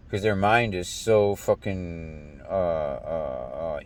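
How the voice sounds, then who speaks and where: Low-voiced young american dude ranting, cussing a lot, keeps stumbling and restarting. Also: male voice, darkish tone. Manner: profane, rambling, stammers and restarts. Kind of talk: casual rant.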